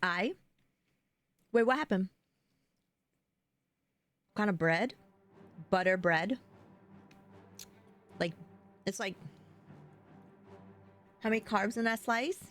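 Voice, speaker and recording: A woman's voice: mid-range voice, slow pace, long pauses, fairly bright tone, soft background music. A woman with a New York accent, chatting casually with her live-stream viewers and laughing often as she answers them.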